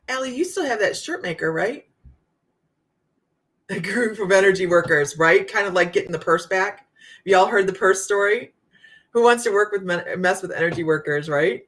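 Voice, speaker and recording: A woman psychic medium hosting a casual live chat, telling stories to her viewers in a chatty, animated way. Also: mid-range voice, moderate pace. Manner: chatty storytelling, Southern US "y'all".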